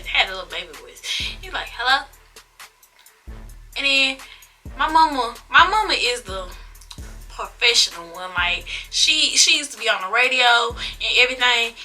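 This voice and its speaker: A young woman of eighteen talks straight to her viewers, taking her time and drawing her words out in an expressive, casual storytime. Her voice is very bright and sits a little high. Faint music plays softly behind her. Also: normal speed. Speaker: vlogger.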